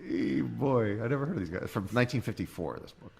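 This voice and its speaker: A man's voice: medium pitch, expressive, quick pace, creaky, a little mellow, slightly rough. A man guest comedian in a casual podcast chat, telling crude jokes in a loose, chuckling way.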